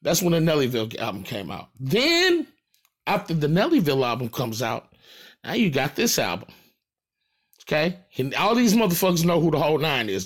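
Husky, boastful St. Louis rapper man. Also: on the high side. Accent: St. Louis American. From St. Louis, USA. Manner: boastful, profane, emphatic. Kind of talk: casual monologue to fans.

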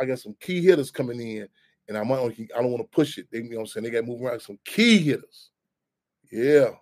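A man hosting call-in radio talk, animated and profane, rambling with frequent restarts and repeated words. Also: mid-range voice. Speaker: radio show host.

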